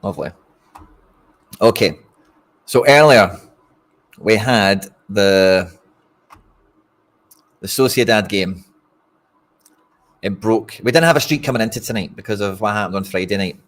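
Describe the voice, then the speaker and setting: Low-voiced Scottish man, blunt live commentary. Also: a little slow, long pauses, fairly bright tone. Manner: frustrated, blunt, talks straight to viewers. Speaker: fan streamer hosting a watch-along. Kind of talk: casual live match commentary.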